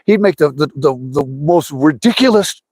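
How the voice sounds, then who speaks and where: A man's voice: fairly high pitch, moderate pace, no echo. A middle-aged man hosting a fishing livestream, telling rambling, anecdotal stories in a casual chat. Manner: rambling and anecdotal, lively voices for quotes.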